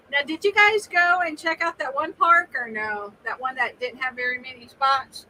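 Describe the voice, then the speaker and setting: A woman's voice: sits high, measured pace, pauses often, bright, forceful tone, a little hiss or hum, poor audio. A woman co-hosting a casual live chat, asking friendly questions and laughing often. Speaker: co-host.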